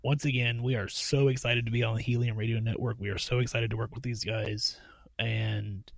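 A man's voice: medium pitch, gravelly, no echo. A man co-hosting a podcast in casual chat, upbeat and laughing often. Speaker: podcast co-host.

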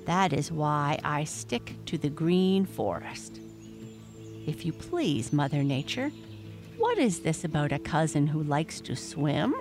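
A woman's voice: low-pitched, lively intonation, slow, music in the background, heavily acted. A woman voicing a timid, polite young male hare.

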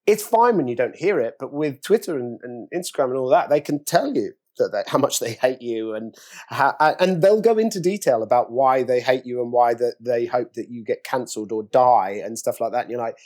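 Animated middle-aged English man telling stories. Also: a little fast. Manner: animated storyteller, acting out quotes with big pitch jumps. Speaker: actor interviewee. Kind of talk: casual anecdotal interview talk.

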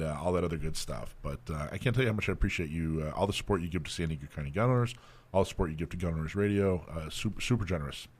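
A man's voice: low voice, a bit bright. A man from the American South hosting a radio talk show, enthusiastic, his words running together. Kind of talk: casual radio chat.

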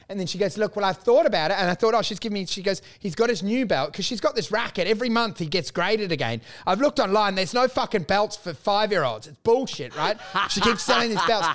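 High-voiced man, animated storyteller. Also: fast, hardly any pauses. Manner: swears freely, animated storytelling with put-on quoted voices. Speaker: podcast co-host. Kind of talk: casual banter.

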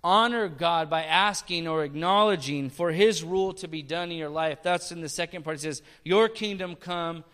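A man preaching a sermon, his voice pitched high and bright with a crisp, resonant clarity. He talks to the congregation conversationally, tossing out rhetorical questions and small jokes. A long hall reverb trails behind each phrase. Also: moderate pace, hardly any pauses. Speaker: pastor.

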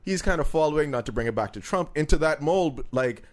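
A man's voice: on the high side, lively intonation, fast talker. A man co-hosting a casual podcast, talking at length and building his points through hypotheticals. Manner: discursive, builds arguments with hypotheticals. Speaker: podcast co-host.

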